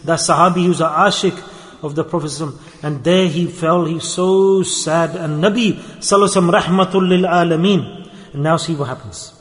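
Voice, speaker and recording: A man from the UK preaching a sermon as a sheikh, telling a story with feeling, rising loud in moments of distress and dropping soft in tender ones. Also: a little high, fast talker. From United Kingdom. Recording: long hall reverb.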